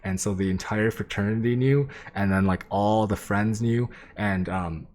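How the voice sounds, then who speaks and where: Male streamer with a very low voice, casual and sweary, rambling through a story to chat. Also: moderate pace, a little mellow. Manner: rambling, profane, lots of "like" and "um"; sketches while he talks, addressing chat. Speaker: game streamer.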